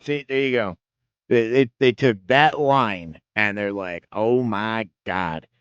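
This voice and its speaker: A man's voice: medium pitch, animated, measured pace, clean tone, no room sound, highs cut off. A man hosting a commentary channel, ranting casually and exasperated, swearing often and restarting his sentences. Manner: profane, exasperated, rambling with restarts. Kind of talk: casual reaction rant.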